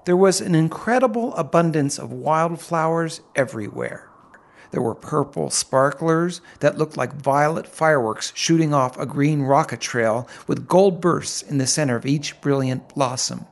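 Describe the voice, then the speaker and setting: Middle-aged male audiobook narrator, slightly high, gravelly texture, unhurried descriptive read. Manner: vivid, unhurried, descriptive storytelling. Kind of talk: first-person audiobook narration.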